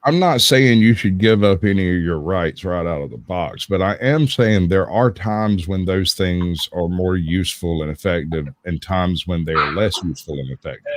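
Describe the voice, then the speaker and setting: A man's voice: sits low, no echo. A man telling dry, funny stories in a casual live-stream chat. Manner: drawling storyteller, dry humor.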